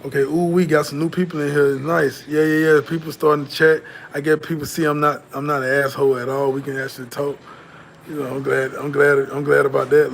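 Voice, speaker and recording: A man from the American South, hosting a casual livestream and talking loosely and profanely with his chat. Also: fairly high pitch. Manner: loose, laid-back, profane, repeats and restarts. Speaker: livestream host reading viewer chat.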